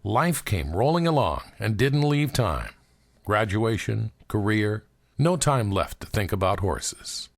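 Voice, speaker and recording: A man narrating an audiobook in a measured, expressive storytelling manner. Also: lowish voice.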